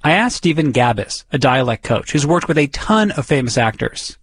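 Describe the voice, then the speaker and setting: A man's voice: medium pitch, very animated, normal speed, fairly bright tone, breathy edge, no echo, studio quality. A man from the Boston area, narrating a scripted radio feature in a conversational way. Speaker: radio reporter.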